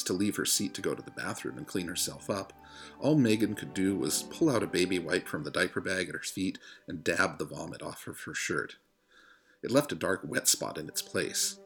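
Deep-voiced man reading a story aloud. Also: vocal fry, fairly bright tone. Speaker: listener reading a chapter. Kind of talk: audiobook reading.

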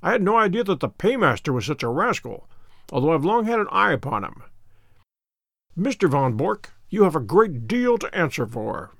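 A man voicing a calm, witty male detective who speaks with dry, courteous irony, in an audiobook reading. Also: on the high side, normal speed, vocal fry, no room sound, exaggerated voice. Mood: wry.

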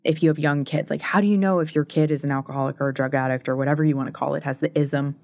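A woman's voice: low voice, steady tone, rapid-fire, creaky, darkish tone, no echo, clean studio sound. A woman in her thirties co-hosting a podcast, talking candidly in a chatty way with frequent laughs and many fillers. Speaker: podcast co-host. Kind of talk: casual conversation.

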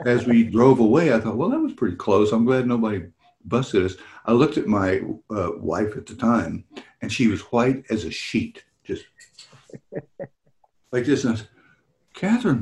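Animated storytelling man, echoey room. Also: medium pitch, a little slow. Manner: animated, laughs often, acts out voices in anecdotes. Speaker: celebrity hosting fan meet and greets. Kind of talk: casual storytelling chat. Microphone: video call.

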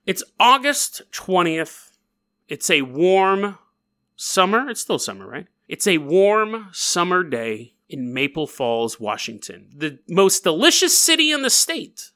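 A man hosting a paranormal news podcast, telling stories in an animated, jokey way and acting them out. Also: high-pitched, slow. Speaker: podcast host. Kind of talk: comedic paranormal news monologue.

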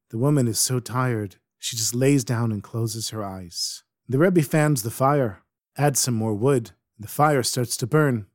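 A man telling a folk story aloud in a lively way, dropping in Yiddish words. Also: mid-range voice, unhurried, dry recording, studio quality. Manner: animated, sprinkles Yiddish words. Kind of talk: oral storytelling. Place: Jerusalem.

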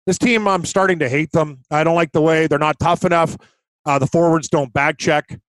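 A man's voice: on the high side, fairly even intonation, normal speed, no room sound. A man co-hosting a sports betting podcast in casual chat, talking in a blunt, exasperated ranting way. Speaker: podcast co-host, hockey betting.

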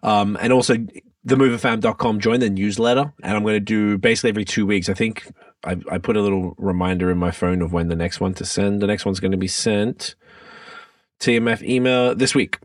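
Relaxed man, chatty co-host. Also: fairly low pitch, a little fast, no echo, studio quality, far from the mic. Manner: relaxed, chatty, swears freely. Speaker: podcast co-host. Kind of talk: casual chat.

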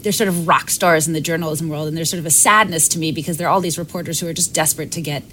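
A woman's voice: deep voice, fairly even intonation, racing, fairly bright tone, slight background noise, rough recording. A woman interviewer asking long, chatty questions, hedging with "sort of" and "um".

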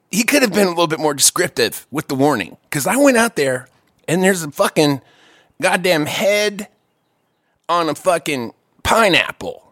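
A man telling a long story in casual chat, profane and animated, with quick asides and restarts. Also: fairly high pitch, no room sound, clean studio sound.

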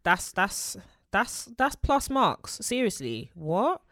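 A woman, co-hosting a podcast in casual chat, telling stories in an animated way with sudden excited shrieks. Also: mid-range voice, takes it slowly, slight background noise. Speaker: podcast co-host.

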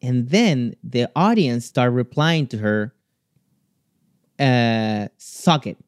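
A man, chatting as a guest and telling a story with lively acted-out quotes. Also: mid-range voice, slow, clear, resonant tone, no room sound, clean studio sound. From Chile. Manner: animated storytelling, acting out quotes. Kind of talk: casual chat.

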